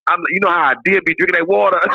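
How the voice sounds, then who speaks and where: A man's voice: sits high, fast, gravelly, lo-fi sound. A man in his fifties, a comedian calling in, trading casual comic banter and laughing often. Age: 50s. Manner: laughs often, animated storytelling. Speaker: call-in comedian guest.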